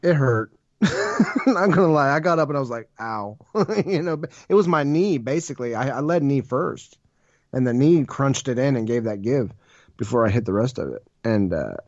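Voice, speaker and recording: A man's voice: mid-range voice, expressive, moderate pace, no room sound. A man co-hosting a podcast, telling a story casually and laughing as he goes. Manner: laughs through his story, plain talk. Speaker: podcast co-host. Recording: dry, dull lo-fi sound.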